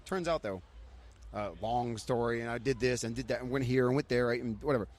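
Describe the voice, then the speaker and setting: A man, a podcast guest, telling an excitable story and acting out the voices of people he met. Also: medium pitch, brisk. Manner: excitable storyteller, acts out what others said. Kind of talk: casual chat.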